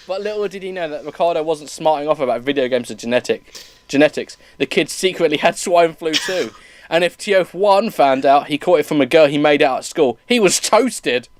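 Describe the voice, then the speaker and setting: A man's voice: fairly high pitch, a little fast. A man reading bad fan fiction aloud for laughs, often breaking into laughter and tripping over words. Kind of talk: comedic dramatic reading with commentary.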